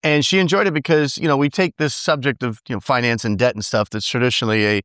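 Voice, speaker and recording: A man's voice: mid-range voice, steady tone, fast talker, a bit bright, no room sound, clean studio sound. A younger man co-hosting a casual podcast about debt, easygoing and a bit hesitant, laughing along. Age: younger adult. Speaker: podcast co-host, debt consultant. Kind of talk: casual chat.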